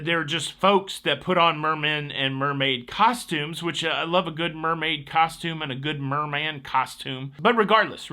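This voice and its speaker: A man with a very bright, forceful voice, talking a bit higher than most men. He hosts a casual cruise news show and runs the stories with chatty, joking asides straight into a close mic.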